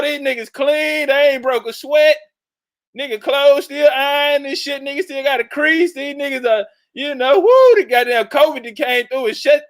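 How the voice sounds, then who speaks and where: A man hosting a casual livestream, loudly and profanely shouting out viewers and joking with his chat. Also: very high voice, rough recording. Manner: loud, profane, hyped-up banter with chat. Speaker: livestream host.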